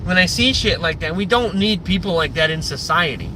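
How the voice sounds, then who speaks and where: A man's voice: on the high side, lively intonation, brisk, noisy background. A man live-streaming in casual chat, rambling and profane, with lots of filler words. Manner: rambling and profane, heavy use of "like".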